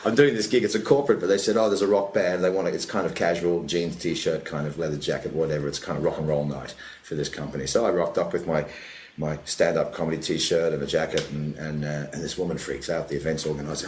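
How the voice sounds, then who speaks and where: Male comic, deep, quick, rambling; echoey room recording. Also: slight background noise. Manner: rambling, animated anecdotes with quoted voices. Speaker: comedian guest. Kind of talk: casual podcast chat, storytelling. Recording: roomy echo, faint background ambience.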